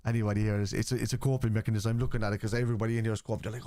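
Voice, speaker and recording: A man's voice: fairly low pitch, level tone, very fast, mellow, no room sound, clean studio sound. A man with an Irish accent hosting a livestream football watchalong. He argues bluntly with viewers in the chat and swears casually. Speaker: host.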